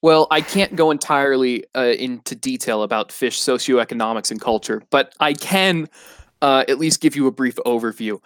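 A man voicing a learned old snailfish who explains things in a measured way with many pauses. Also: medium pitch, fairly bright tone, clean tone, no room sound, close to an everyday voice. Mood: lecturing. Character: learned old male snailfish, knowledgeable and calm. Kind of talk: comedy podcast role-play.

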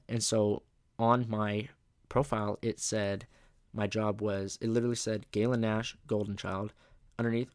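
A young man tells a rambling story in a relaxed, profanity-laced way. His voice is low and gravelly, and it sounds close and dry, with no room around it. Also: no echo. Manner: profane, laid-back storytelling with lots of filler. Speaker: podcast host. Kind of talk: casual storytelling monologue.

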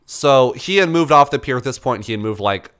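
A young man casually telling a story, animated, swearing and acting out the people in it. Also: a little fast, smooth. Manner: animated, swearing, acts out dialogue in a higher voice.

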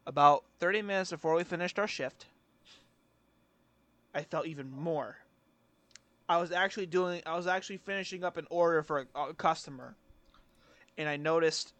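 High-voiced young guy podcast co-host. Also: moderate pace, fairly bright tone, no room sound. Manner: rambling storyteller, swears casually. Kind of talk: casual chat.

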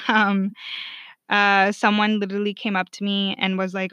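A woman's voice: mid-range voice, fairly even intonation, a little slow, bright, forceful tone, clean tone, dry recording. A young woman telling a personal story candidly, swearing freely and leaning on "like" as a filler. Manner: frank, profane, heavy on "like" fillers. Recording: dull, lo-fi dry recording.

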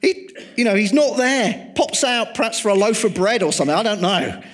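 Man, sermon, slightly high voice, dramatic loud-to-hushed delivery. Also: expressive, brisk. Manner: dramatic, swings from loud emphasis to hushed tones. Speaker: preacher.

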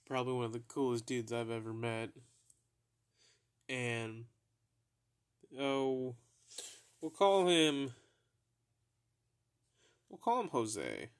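A young man spins a casual story for his podcast, with a laid-back, profane delivery. He speaks slowly at an ordinary mid-range pitch and keeps laughing at his own story. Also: smooth. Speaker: podcast host.

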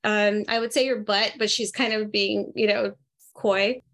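A woman of ordinary pitch giving a medium reading in a live group call. She talks in a chatty, animated way and breaks into laughter as she passes on messages. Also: a little slow. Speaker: medium, interview guest.

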